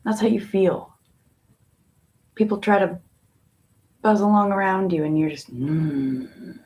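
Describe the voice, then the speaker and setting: A woman tarot reader in a casual spiritual talk, musing in a slow, meandering way with long pauses. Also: mid-range voice, a little mellow.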